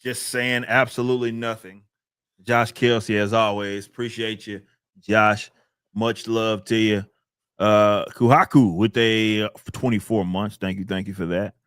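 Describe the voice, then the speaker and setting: A man's voice: on the low side, level tone, a little slow, a bit bright, clear, resonant tone, dry recording, clean studio sound. A man hosting a casual podcast, laid-back and chatty as he reads out and thanks supporters. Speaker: podcast host reading donations.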